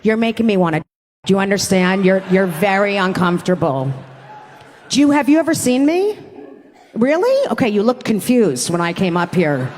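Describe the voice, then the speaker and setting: A woman's voice: mid-range voice, very animated, normal speed, darkish tone. A woman in her forties, a stand-up comedian doing brash, profane, teasing crowd work on a club stage. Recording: live club with audience laughter and noise.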